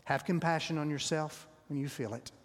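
A man's voice: on the high side, normal speed. A man preaching a sermon, telling a story and often dropping his voice to a near whisper. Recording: long reverb of a large hall.

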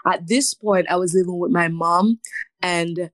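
A woman in her twenties tells her story as an interview guest, earnest and emotional. Her voice sits fairly low. The sound is dry and close, with no room around it. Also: fairly even intonation, a little slow, no echo. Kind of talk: personal testimony in an interview.

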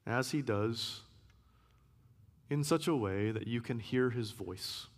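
A man giving a sermon as a guest preacher, earnest, repeating key phrases and sometimes dropping to a hush. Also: mid-range voice, slow pace. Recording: long hall reverb.

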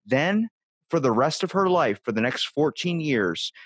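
A man's voice: fairly high pitch, sing-song, unhurried, fairly bright tone, breathy edge, dry recording. A man hosting a podcast, chatting casually and telling rambling anecdotes, swearing freely as he goes. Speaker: podcast host. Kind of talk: casual conversational chat.

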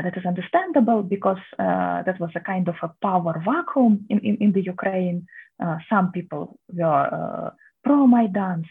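Russian-accented woman guest, low husky gravelly voice, halting English, heard over a thin phone-quality line. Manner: halting, many restarts and fillers, laughs mid-sentence. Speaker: activist and public historian guest. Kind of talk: interview answers. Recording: tinny phone-line audio.

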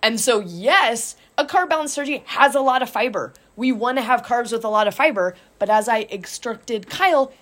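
Animated woman coach telling a story. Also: fairly high pitch, normal speed, hardly any pauses. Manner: animated, acts out quotes with lots of "like". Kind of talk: casual storytelling chat.

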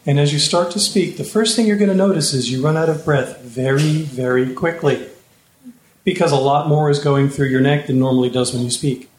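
A man with a fairly high voice explains things calmly, now and then slipping into a deeper, smoother trance voice. He is recorded live in a roomy, echoing space. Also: brisk. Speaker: hypnotist guest. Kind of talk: live podcast conversation. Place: room with live audience. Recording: echoey room.

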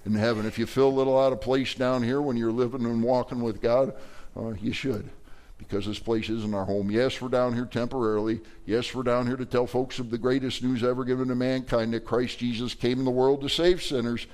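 Male pastor, middle-aged, animated folksy sermon delivery, mid-range voice. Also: mid-range voice, a little fast. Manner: folksy, animated preaching with playful asides.

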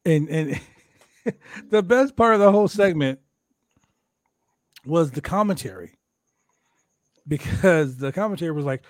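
A man's voice: measured pace, long pauses, no echo. A man hosting a podcast, recapping wrestling in a loose, joking way and acting out quoted lines. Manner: animated, jokey, acts out quoted lines in high voices. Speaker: podcast host. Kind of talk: casual wrestling recap chat.

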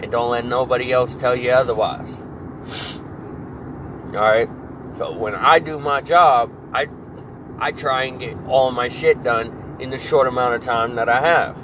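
A man in his late twenties vents on his own podcast in a profane, angry rant. He restarts his sentences and circles back to the same complaints. His voice sits at an ordinary pitch, and clear traffic and air-conditioner noise runs behind it. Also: fairly even intonation, measured pace. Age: 20s. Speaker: podcast host.

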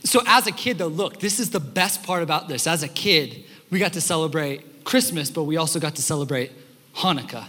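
A young adult man preaching a sermon as a pastor in a church, telling stories in an animated way and acting out the quotes. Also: fairly high pitch, a little fast. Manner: animated storytelling, acts out quotes. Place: church sanctuary. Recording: hall reverb.

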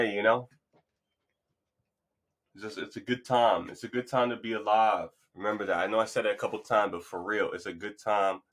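A man's voice: sits low, a bit bright. A man hosting his own podcast, talking in a loose, rambling, motivational way. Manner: playful, hypes up an imagined crowd. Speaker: podcast host. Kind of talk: casual solo monologue.

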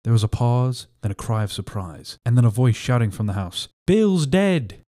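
A man's voice: lowish voice, steady tone, brisk, dark tone. Man reading a classic novel aloud. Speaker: audiobook narrator. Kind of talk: scripted narration.

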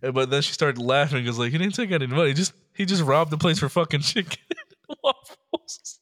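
A man's voice: fairly high pitch, animated, fairly quick, a bit bright. A man co-hosting a podcast, casually recounting odd news stories, laughing often and slipping into mock voices. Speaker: podcast co-host.

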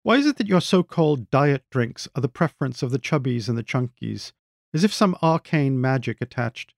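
A man reading the lines of a sardonic, mocking relative with a taste for fancy words, in a gravelly voice. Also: medium pitch, expressive, moderate pace, no echo, studio quality. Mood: needling. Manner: mocking, pedantic wit. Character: sardonic middle-aged man, witty and needling. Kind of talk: reading own short story aloud.

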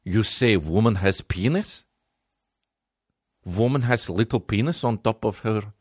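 A man putting on a gruff, blunt Russian man who speaks low, clipped broken English with a heavy Russian accent. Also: unhurried, no room sound, clean studio sound.

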